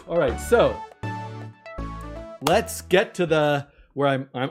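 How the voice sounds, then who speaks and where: A man's voice: fairly high pitch, slow, pauses often, music in the background. A man hosting a live-stream fundraiser, talking enthusiastically with lots of ums and restarts. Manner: enthusiastic, animated, with frequent fillers and restarts. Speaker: livestream host.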